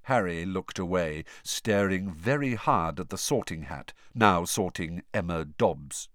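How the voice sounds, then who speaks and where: A man narrating an audiobook in an expressive storytelling manner. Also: low voice, unhurried, dry recording, clean studio sound. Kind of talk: scripted narration.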